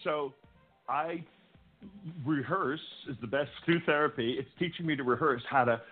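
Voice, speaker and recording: Over faint music, an older man with a slightly high voice talks at a moderate pace as a podcast guest. He's an animated storyteller sharing wild stories from his younger days in a relaxed interview, restarting with stammers and shouting as he acts out quoted characters. The audio has a thin, phone-like quality.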